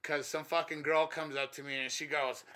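Podcast host, male, high-pitched and very bright, animated profane storyteller. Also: moderate pace. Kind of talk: casual chat.

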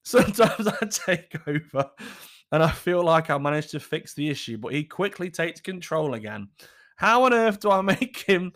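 A man's voice: fairly high pitch, sing-song, moderate pace, fairly bright tone. A man voicing a frustrated young woman writing in about her boyfriend, in a giggly, complaining manner. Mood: exasperated.

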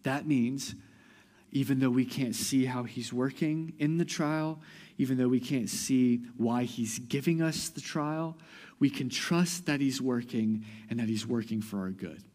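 A pastor giving a sermon, talking conversationally with restarts and building to loud, emphatic passages. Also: male voice, mid-range voice, measured pace, big-room sound.

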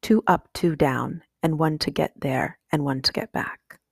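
A woman reading an audiobook, voicing a sensible older sister who reassures the others calmly. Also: deep voice, unhurried, vocal fry, breathy edge, dry recording, clean studio sound, full character voice. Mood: reassuring.

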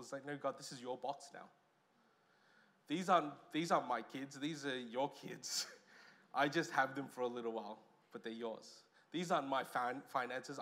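A man with an Australian accent preaching a sermon as pastor, lively, with loud stresses and quiet asides. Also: medium pitch.

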